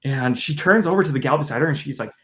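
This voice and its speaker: Joking man telling a story with a higher voice. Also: very fast. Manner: animated, joking storyteller who acts out quotes. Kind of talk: casual podcast storytelling.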